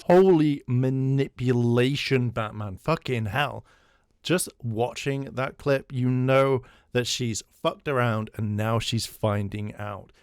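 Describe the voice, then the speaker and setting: A man's voice: mid-range voice, steady tone, slow, clear, resonant tone, no room sound, clean studio sound. A man hosting reaction commentary, blunt, profane and scornful. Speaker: commentary host.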